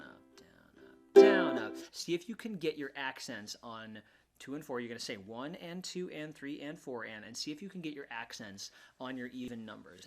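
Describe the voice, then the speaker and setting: A man teaching ukulele in a relaxed, casual way, often restarting his words and counting beats aloud. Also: mid-range voice. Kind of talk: casual instructional talk. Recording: ukulele music under voice. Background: ukulele playing.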